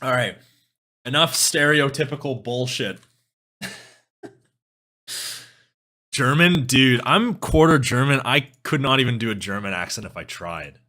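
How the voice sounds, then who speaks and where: Young Canadian guy, live-stream host, bright forceful voice, lively swings, laughs a lot. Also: medium pitch, a little slow, long pauses. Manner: animated, laughs often, swears casually. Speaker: music streamer. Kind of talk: casual live-stream chat.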